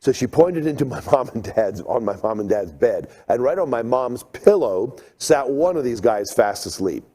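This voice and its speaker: A middle-aged man giving a seminar talk, telling stories with lively acted-out moments. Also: mid-range voice, normal speed, hardly any pauses. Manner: animated storyteller, acts out scenes. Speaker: creation seminar speaker.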